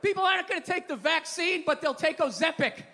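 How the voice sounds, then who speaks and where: Loud ranting stand-up comic man. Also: very high-pitched, animated, brisk. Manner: loud, exasperated ranting with profanity. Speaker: stand-up comedian. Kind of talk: stand-up comedy rant. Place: comedy stage before a live audience. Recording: live show with crowd noise. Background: audience laughter and applause.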